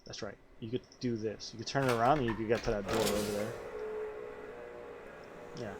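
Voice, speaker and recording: A very noisy recording captures a man with a low-side voice, fairly even intonation, and a moderate pace. While gaming on a livestream, he rambles and curses in casual chat with his viewers.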